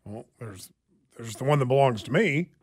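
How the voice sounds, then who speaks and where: A man's voice: mid-range voice, animated, normal speed. A man co-hosting a radio talk show, cutting in with quizzical questions in casual chat on a studio mic.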